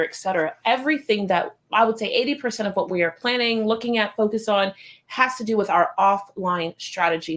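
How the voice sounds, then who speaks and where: A middle-aged woman giving a motivational business talk, telling stories animatedly and acting out other people's voices. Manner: animated storytelling, acts out other voices in high pitch. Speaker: business coach.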